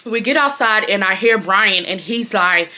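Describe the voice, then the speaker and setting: A young woman, telling a storytime to her viewers in a lively, slangy, chatty way. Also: medium pitch, normal speed. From Houston, Texas. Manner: animated, slangy, talks straight to viewers. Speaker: storytime vlogger. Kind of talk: casual storytime chat.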